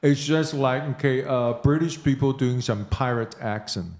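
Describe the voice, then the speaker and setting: Male podcast host, mid-pitched, prompting and filler-heavy, echoey room. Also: moderate pace, darkish tone. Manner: prompting questions, frequent "okay, uh" fillers. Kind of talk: casual podcast chat.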